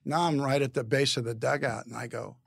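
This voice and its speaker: A man's voice: mid-range voice, fairly even intonation, brisk, gravelly, husky, dry recording, studio quality. A man talking as a podcast guest, telling a long anecdote in a rambling, stop-start way with lots of repeated words. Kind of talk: casual anecdotal storytelling.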